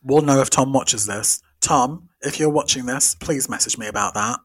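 A man's voice: mid-range voice, slightly rough, no room sound, clean studio sound. A man co-hosting a podcast in casual, joking chat. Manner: playful, joking, quick to laugh. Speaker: podcast co-host.

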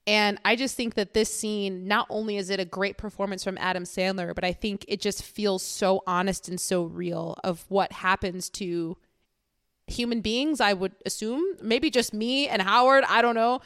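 A woman's voice: moderate pace, smooth, no echo, clean studio sound. A woman co-hosting a podcast, chatting casually about a film, acting out quotes and laughing often. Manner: animated, acts out quotes with raised pitch, laughs often. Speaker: podcast co-host.

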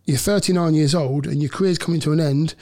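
A middle-aged man, a former footballer and podcast guest, telling a lively anecdote and often laughing. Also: on the high side, quick pace. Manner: animated storyteller, laughs often, acts out quotes. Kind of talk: storytelling anecdote in a podcast interview.

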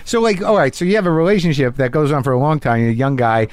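A man hosting a podcast, asking a guest questions in a casual interview and backing him up with a steady stream of short "yeah"s. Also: on the high side, very fast, no room sound, studio quality. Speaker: podcast host. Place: home garage studio.

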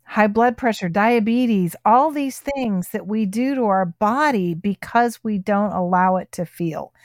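A woman's voice: medium pitch, measured pace, no echo, clean studio sound. A woman hosting a heartfelt casual conversation, speaking in a soothing, affirming way.

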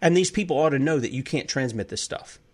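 A man's voice: mid-range voice, expressive, fast. A man hosting a talk show, delivering an impassioned political monologue full of heated rhetorical questions. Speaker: host.

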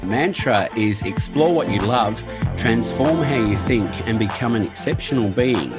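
A man's voice: medium pitch, animated, unhurried, loud music behind the voice. A man hosting a casual podcast interview, friendly and jokey, poking fun at himself. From Australia. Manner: friendly, jokey, self-deprecating. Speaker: podcast host.

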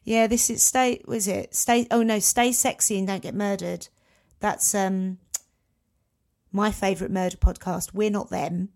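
A woman's voice: medium pitch, steady tone, measured pace, darkish tone. A woman co-hosting a podcast in casual chat, rambling and self-mocking. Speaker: podcast co-host.

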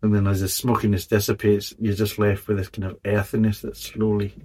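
A man's voice: lowish voice, level tone, a little fast, warm tone. A man giving a casual spoken beer review, blunt and rambling, swearing often in exasperation.

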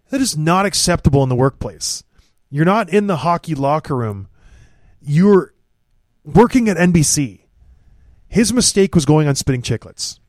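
A man's voice: a little high, darkish tone, no echo. A man co-hosting a casual podcast, ranting bluntly and with open mockery about the people he discusses. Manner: blunt, opinionated, mocking ranter. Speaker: podcast co-host. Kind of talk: casual hockey podcast chat.

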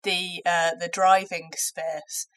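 A woman from England co-hosting a podcast, telling animated, sweary stories with a bit of a cold. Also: on the low side, slow. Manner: sweary, animated storytelling with laughs. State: has a cold. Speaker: podcast co-host. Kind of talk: casual comedic chat.

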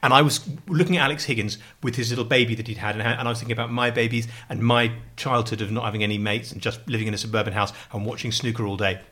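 A man's voice: medium pitch, fairly even intonation, racing, hardly any pauses, sharp tone. A man in his forties telling a rambling, self-mocking story in casual chat, full of restarts.

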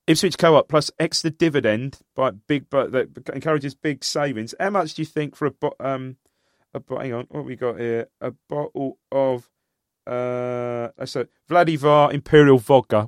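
A man co-hosting a podcast, chatting casually and excitably, often calling his partner "mate". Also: mid-range voice, moderate pace, dry recording, clean studio sound. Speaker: podcast co-host. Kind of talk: casual chat.

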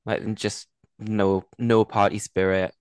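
A man's voice: fairly low pitch, level tone, unhurried, clear, resonant tone, no room sound. A young man from Newcastle with a Geordie accent, co-hosting a casual, joking chat podcast. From Newcastle, England. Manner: jokey, laughs often, playful. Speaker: podcast co-host.

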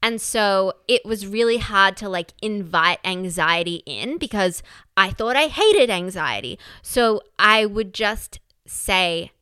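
A young woman talks candidly in a relaxed podcast chat, her voice bright and crisp. The sound is close and dry, with no room around it. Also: mid-range voice, slow, no room sound. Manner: candid, swears casually, reflective. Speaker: podcast co-host. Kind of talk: casual chat.

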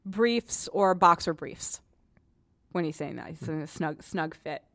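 A woman's voice: low voice, animated, unhurried, a bit bright, dry recording, clean studio sound. A woman hosting a podcast in a frank, joking, chatty way, often restarting her sentences. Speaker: podcast host, cleaning advice columnist. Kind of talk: casual podcast chat.

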